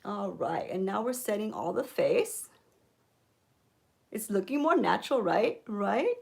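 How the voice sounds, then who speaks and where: A woman giving a mock makeup tutorial, coaxing viewers with deadpan ironic influencer patter and frequent "okay?"s. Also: mid-range voice, unhurried, vocal fry. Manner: coaxing, keeps repeating "okay?". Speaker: beauty vlogger.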